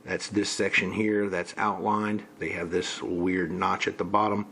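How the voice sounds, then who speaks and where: Low-voiced man unboxing a pistol. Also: little pitch movement, measured pace, gravelly, a bit bright, a little hiss or hum. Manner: plain, matter-of-fact listing of parts. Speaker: gun reviewer. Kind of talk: casual unboxing walkthrough.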